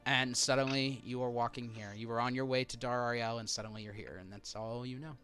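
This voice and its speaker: A man's voice: medium pitch, fairly even intonation, brisk, fairly bright tone, soft background music. A man narrating as game master of a tabletop game, descriptive, sometimes correcting himself mid-sentence.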